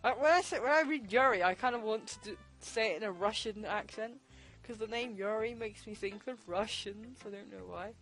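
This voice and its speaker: A woman commenting casually while playing a game, chatty and quick to swear. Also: mid-range voice, fairly bright tone, faint music behind. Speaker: gaming video host. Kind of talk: casual let's-play commentary.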